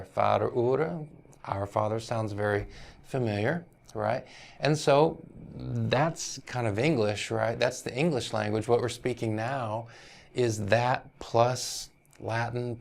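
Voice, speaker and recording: A man's voice: medium pitch, vocal fry. A male university teacher giving a lecture on language history, explaining patiently, often checking in with "right?" and hedging over foreign pronunciations.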